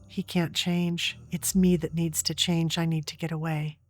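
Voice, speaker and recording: Low-voiced woman telling her story. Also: flat delivery, a little slow, soft background music. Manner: earnest, vivid retelling. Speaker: interview guest. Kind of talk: personal storytelling in an interview.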